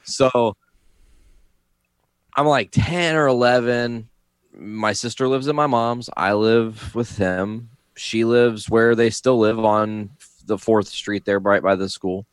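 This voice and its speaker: A man in his thirties telling a childhood story in casual chat, relaxed and self-mocking, swearing freely. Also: on the low side, slow pace, smooth, no echo.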